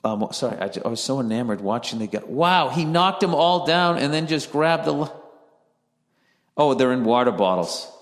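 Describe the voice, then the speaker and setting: A man's voice: medium pitch, expressive, moderate pace. Male podcast host, rambling sarcastic swearing monologue, echoey attic recording. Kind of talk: casual solo podcast monologue. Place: attic of a house.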